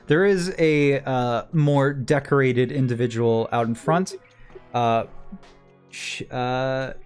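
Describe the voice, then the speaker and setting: A man narrating a tabletop game as game master, in a relaxed way with many "uh" fillers. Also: medium pitch.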